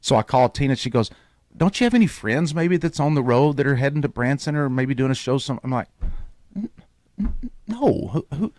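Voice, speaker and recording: Animated man telling a story on the radio. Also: medium pitch, brisk, dry recording, studio quality. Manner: animated storyteller, acts out quoted voices. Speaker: radio show host.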